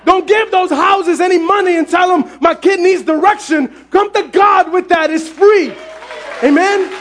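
A male pastor preaching a sermon, often shouting, telling his story with lively exclamations. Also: very high-pitched, a little slow, some chatter behind. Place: church sanctuary.

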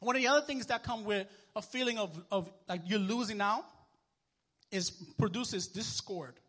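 A male minister preaches in an easy, conversational way, breaking into lively bursts as he works the room. His voice sits high and sounds bright and forceful. He keeps tossing questions back to his congregation. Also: normal speed. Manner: animated, conversational preaching with sports illustrations and call-and-response. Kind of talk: sermon. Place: church.

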